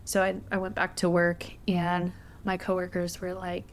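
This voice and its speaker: A woman's voice: on the low side, monotone, normal speed, slight background noise. A young woman hosting a podcast, telling a personal story in a candid, conversational way. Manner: candid, conversational, frequent fillers. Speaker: podcast host.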